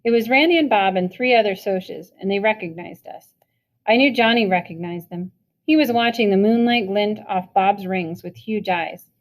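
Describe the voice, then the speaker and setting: A woman reading a novel chapter aloud in an even storytelling manner. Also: medium pitch, normal speed. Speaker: reader.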